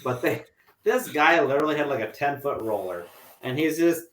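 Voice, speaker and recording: A man's voice: fairly high pitch, expressive, moderate pace, background noise. A man casually sharing wry anecdotes among friends on a podcast, laughing as he goes. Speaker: podcast guest. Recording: roomy echo.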